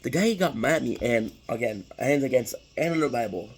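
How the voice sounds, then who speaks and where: A young man tells a story straight to the camera while eating. He rambles and swears, restarts his sentences often, and keeps a medium pitch. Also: animated, brisk, slightly rough, rough recording. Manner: rambling, profane, frequent restarts. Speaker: vlogger.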